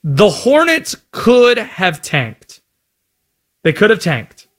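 A man from North Carolina hosting sports talk radio, chatty and animated. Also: sits high, slow.

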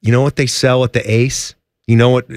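A man from Ohio, a radio show host, chatting in a playful and excitable way. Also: a little fast, dry recording. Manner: playful, excitable, jumps up in pitch. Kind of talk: casual radio banter. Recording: dry close studio mic.

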